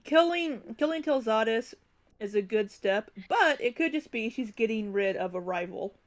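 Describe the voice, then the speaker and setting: A woman's voice: fairly high pitch, lively intonation, moderate pace, slight background noise. A woman playing a tabletop game, thoughtfully explaining her character's view. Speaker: player.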